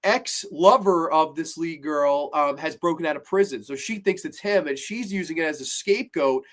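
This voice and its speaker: Male horror film reviewer, fairly high voice, rambling and excited, swears casually. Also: normal speed.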